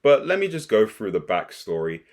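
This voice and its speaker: A young man casually recapping and reacting to an anime episode, rambling and excitable with frequent restarts. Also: fairly low pitch, normal speed. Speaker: anime commentator.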